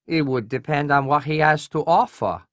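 A man voicing a curt, sly male colonel with a high nasal voice, from an audiobook. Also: moderate pace, no room sound, studio quality, natural voice.

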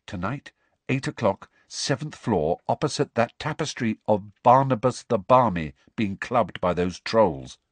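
A man voicing a quiet, determined teenage boy wizard in an audiobook reading, low and terse. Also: expressive, unhurried, husky, dry recording.

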